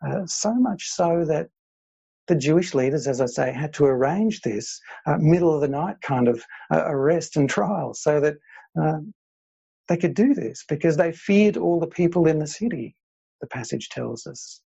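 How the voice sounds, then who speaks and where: A man's voice: fairly high pitch, expressive, normal speed, creaky, mellow, slightly rough, lo-fi sound. A man preaching a sermon, earnest, with frequent fillers and repeated phrases. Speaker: pastor.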